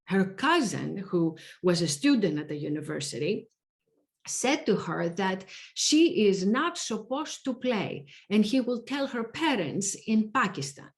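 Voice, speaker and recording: A woman reading a theatre teacher's testimony in a measured, reflective manner for a verbatim theatre reading. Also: mid-range voice, very animated. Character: woman theatre teacher recalling her students.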